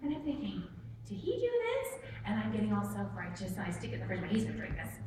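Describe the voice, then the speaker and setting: A woman doing stand-up storytelling in a church hall, animated and self-mocking as she acts out the people in her story. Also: medium pitch, rapid-fire. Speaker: stand-up comic. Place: church hall with a live audience. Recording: echoey room from far off with noise.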